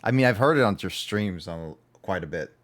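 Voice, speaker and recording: His voice is deep and he talks fairly quickly while streaming a game. The chat wanders casually and animatedly, and he keeps correcting himself along the way.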